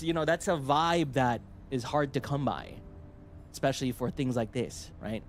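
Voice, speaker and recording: A man streaming casually as a VTuber, telling a rambling, animated story with laughs and restarts. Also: mid-range voice, normal speed, faint music behind.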